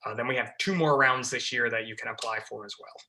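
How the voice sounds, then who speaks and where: A man's voice: mid-range voice, fast, pushed and bright. A man, a fire lieutenant, talking casually as a podcast guest, full of fillers and restarts. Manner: chatty, many fillers and restarts.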